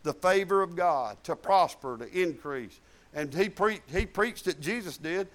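High-voiced, folksy man preaching. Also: lively intonation, measured pace, fairly bright tone. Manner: folksy, emphatic, repeats phrases for stress. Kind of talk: sermon.

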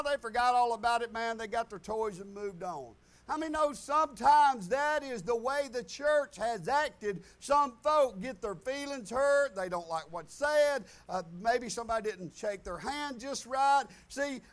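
High-voiced preacher. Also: male voice. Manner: folksy preaching, swinging between loud declarations and soft asides. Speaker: pastor. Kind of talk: sermon. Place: church sanctuary.

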